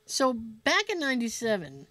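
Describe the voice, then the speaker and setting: A woman co-hosting a podcast, telling a story in an animated, profane way and laughing as she goes. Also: fairly high pitch, moderate pace, dry recording. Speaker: podcast co-host. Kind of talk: casual storytelling chat.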